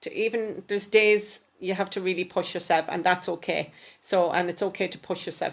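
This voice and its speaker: A woman's voice: fairly low pitch, flat delivery, normal speed. A woman, a spiritual mentor, giving intuitive card readings on a live stream and speaking fondly to each viewer by name. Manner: warm, affectionate, speaks directly to viewers by name. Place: home, at a table with cards.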